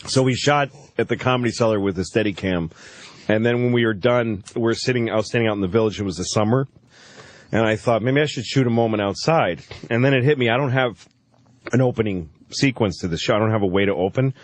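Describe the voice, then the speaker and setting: A man's voice: fairly low pitch, fast, no echo. A middle-aged man, a comedian, telling profane stories on a casual radio talk show and laughing often.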